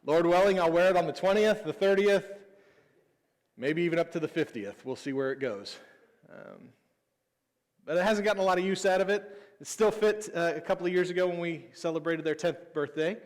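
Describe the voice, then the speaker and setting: A man in his thirties with a slightly higher than average voice, telling personal stories from the pulpit in an easy, self-deprecating way. His voice rings out with a long reverb tail from a large church sanctuary. It sounds like a relaxed sermon rather than a formal address. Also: brisk. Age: 30s. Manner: casual, personal storytelling with self-deprecating humor. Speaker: pastor. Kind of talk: conversational sermon.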